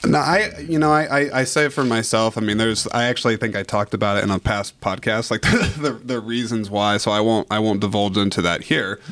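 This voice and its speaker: A man's voice: lowish voice, fairly even intonation, brisk, few pauses, a bit bright, dry recording. A young man hosting a podcast in a movie theater, talking casually with many restarts and easy laughs. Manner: hesitant, repeats words, laughs easily. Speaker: podcast host. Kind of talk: casual interview.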